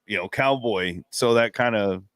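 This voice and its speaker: Male podcast co-host, low voice, loose relaxed recaps, dry close sound. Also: moderate pace, dry recording. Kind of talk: casual movie discussion.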